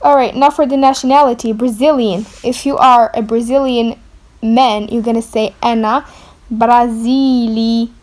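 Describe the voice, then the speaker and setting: A woman teaching a beginner language lesson, speaking slowly and carefully and repeating each word for learners to copy. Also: on the high side, steady tone. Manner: writes on a board while explaining.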